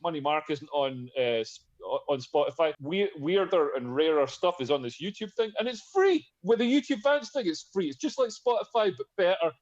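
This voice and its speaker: A man's voice: a little high, expressive, brisk. Rambling man, dull lo-fi sound. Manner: rambling, full of fillers and restarts. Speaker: podcast host. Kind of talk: casual chat.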